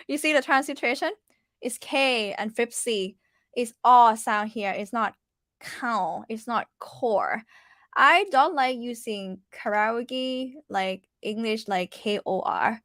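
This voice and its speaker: A woman teaching Thai in a casual online lesson, patiently repeating words slowly for learners and laughing often. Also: a little high, a bit bright, no echo, studio quality.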